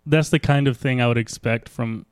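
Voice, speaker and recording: A man's voice: medium pitch, fairly even intonation, moderate pace, clean tone, no room sound, studio quality. A young adult man co-hosting a casual podcast chat, laughing often and poking fun at himself. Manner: laughs often, self-deprecating joker. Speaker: co-host.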